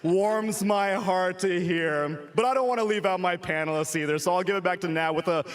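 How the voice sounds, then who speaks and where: A man from the United States hosting a live esports event, energetic and joking. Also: high-pitched, normal speed. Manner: energetic, joking, hyping the crowd. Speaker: esports broadcast host. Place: convention center stage. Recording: loud live crowd behind.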